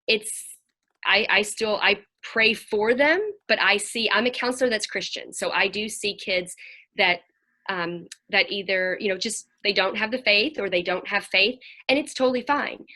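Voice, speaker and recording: A woman's voice: medium pitch, normal speed. A middle-aged woman, speaking as a Christian counselor to a group of parents in an earnest, chatty way. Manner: earnest, chatty, animated when quoting children.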